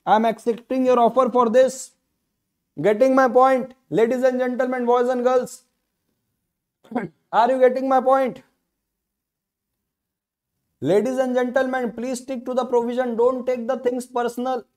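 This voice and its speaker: An Indian English man delivering a law lesson with a very high-pitched voice. He hammers points home by repeating phrases and throwing rhetorical questions at his students. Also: little pitch movement, unhurried, pauses often. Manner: repetitive, emphatic, rhetorical questions. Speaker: law tutor. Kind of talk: online lecture.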